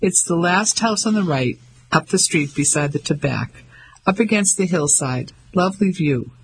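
A man voicing an older English gentleman who is courteous, with a smooth, educated manner. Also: on the high side, normal speed, a little hiss or hum, close to an everyday voice, rough recording.

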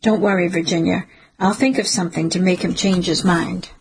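A woman's voice: on the low side, steady tone, a little fast, slight background noise, natural voice, poor audio. A woman voicing a fierce, defiant older woman who protects a young mother, speaking urgently and sharply. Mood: soothing.

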